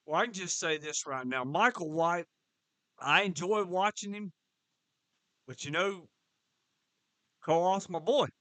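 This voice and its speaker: High-voiced excitable man hosting. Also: no echo, low-quality recording. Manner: excitable, interrupts with quick questions. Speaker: wrestling show host. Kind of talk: casual podcast chat.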